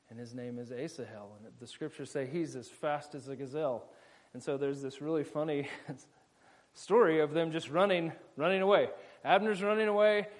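A man preaching in a casual, jokey way, retelling a scripture story with quick voiced asides. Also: a little high.

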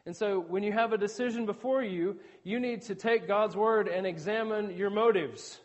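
A man's voice: sits high, moderate pace, muffled recording. A man preaching a sermon in an earnest, conversational teaching manner, with asides to the congregation.

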